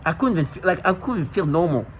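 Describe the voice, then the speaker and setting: A man's voice: a little high, lively intonation, fast, a little hiss or hum. Agitated man rambling on a dull recording. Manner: agitated, intense, with frequent restarts and repetitions. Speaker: vlogger. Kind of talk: rambling monologue to camera.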